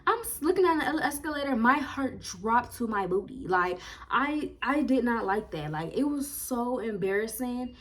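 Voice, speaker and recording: Young woman in her twenties, fairly high voice, animated casual storytime vlogger. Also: normal speed. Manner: animated, chatty, lots of "like" and slang.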